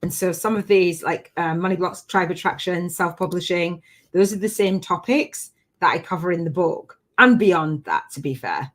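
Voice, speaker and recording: A woman's voice: on the low side, moderate pace. Gushing woman coach on a livestream. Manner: gushing, animated, often laughing; emotional, near tears at times. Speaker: spiritual business coach hosting a live challenge. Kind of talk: live-streamed coaching chat.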